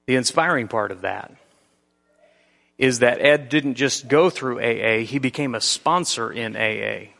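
A man preaching a sermon in a church, earnest, with slow emphatic phrases and frequent restarts. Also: medium pitch, gravelly, fairly bright tone. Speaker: pastor. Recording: long reverb of a large hall.

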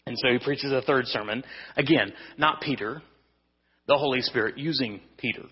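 Male pastor, casual conversational preaching, husky voice, lo-fi hall recording. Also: medium pitch, fairly even intonation, fast. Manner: conversational preaching with restarts and humor. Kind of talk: evening sermon.

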